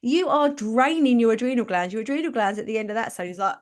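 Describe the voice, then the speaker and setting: A woman's voice: on the high side, quick pace. A woman hosting a live stream. She gives casual motivational talk, chatting and laughing as she acts out quotes. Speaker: podcast host and business coach.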